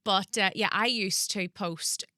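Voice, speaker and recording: A woman's voice: mid-range voice, steady tone, unhurried, pushed and bright, no room sound, studio quality. A woman, a radio presenter guesting on a podcast, chatting candidly with fillers and the odd swear. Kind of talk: casual interview chat.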